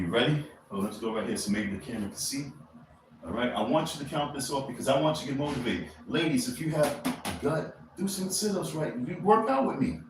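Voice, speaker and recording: A man hosting a casual motivational live stream. He rambles through a loose, slangy pep talk. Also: mid-range voice. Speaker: livestreamer. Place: indoor room. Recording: echoey room with faint ambient noise.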